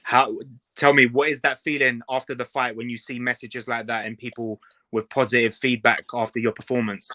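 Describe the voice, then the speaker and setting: A male podcast host with a bright, sharp tone asks his guest questions in a relaxed way. He agrees readily and backs up what his guest says. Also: mid-range voice, a little fast, no room sound. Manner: affirming, keeps saying hundred percent. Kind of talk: casual interview questions.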